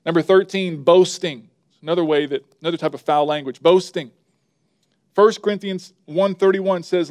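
A man's voice: fairly high pitch, moderate pace, a little mellow. A man preaching a sermon, emphatic and building up repeated phrases, now and then turning aside to the person running the slides. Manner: talks to the slide operator mid-sermon.

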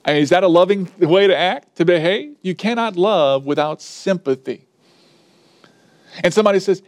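A man's voice: high voice, moderate pace, darkish tone. A man preaching a sermon, earnest and emphatic, sometimes acting out the people he quotes. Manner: earnest, varied emphasis, acts out quoted speakers.

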